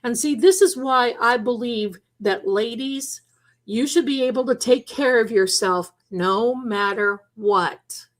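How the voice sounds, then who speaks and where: Slow-talking woman hosting a psychic stream. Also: a little high. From Italian heritage. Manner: chatty, emphatic, drifts into quoted voices. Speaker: psychic livestream host. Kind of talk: live chat storytelling.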